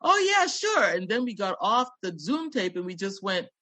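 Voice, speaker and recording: A woman co-hosting a podcast, animated and quick to laugh, at a middle pitch. She talks in a friendly, casual way. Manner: animated, laughs between lines. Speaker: podcast co-host. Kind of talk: casual chat.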